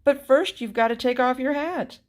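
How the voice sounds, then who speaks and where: A woman reading a storybook aloud, voicing a pleasant, reluctant executioner who speaks gently and kindly. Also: very high-pitched, moderate pace, pitched above the performer's own voice. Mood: friendly. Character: pleasant, easygoing executioner, grown man.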